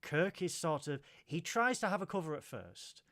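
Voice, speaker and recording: A man's voice: on the high side, big pitch swings, moderate pace, fairly bright tone. A man hosting a casual film review podcast, animatedly retelling scenes and acting out the characters' lines. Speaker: podcast host.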